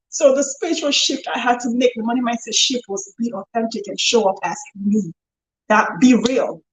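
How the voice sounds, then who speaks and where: Middle-aged woman coach, candid, lively, slightly high voice, roomy echo. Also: moderate pace, a little hiss or hum. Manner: candid and animated, acts out quoted voices. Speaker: business coach. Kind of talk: casual talk to camera. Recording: echoey room.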